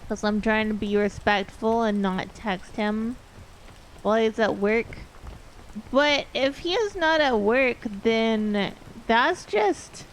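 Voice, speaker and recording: A woman's voice: on the high side, takes it slowly, slight background noise. A woman streamer chatting casually and candidly, rambling a little and swearing offhandedly.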